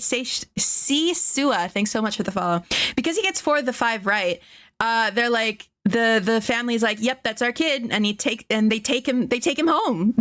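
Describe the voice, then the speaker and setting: A woman's voice: a little high, fairly bright tone. A woman streamer retelling a story in casual chat, rambling with lots of fillers, swearing and laughing often.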